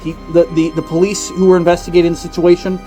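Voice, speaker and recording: A young man telling a satirical mock-conspiracy story in a mock-serious, ranting way, swinging from loud outbursts to hushed asides. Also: sits high, little pitch movement, fast, soft background music. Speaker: comedy video narrator.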